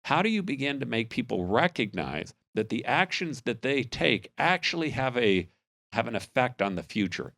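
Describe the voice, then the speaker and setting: A man's voice: mid-range voice, dry recording. A man hosting a podcast, giving an earnest, upbeat intro and then interviewing his guests. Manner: earnest, patriotic, animated. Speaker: podcast host.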